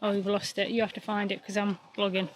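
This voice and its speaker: A woman's voice: mid-range voice, flat delivery, fast talker, a little hiss or hum. A woman vlogging in a chatty, self-mocking way, sometimes talking to her dog. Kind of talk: casual vlog narration. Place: outdoors on a dog walk and in a campervan.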